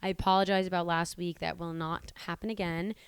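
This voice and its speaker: A woman's voice: fairly low pitch, level tone, brisk, clear, resonant tone, no echo. A woman in her twenties chatting casually to camera in a rambling, conversational way. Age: 20s. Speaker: vlogger and stand-up comedian.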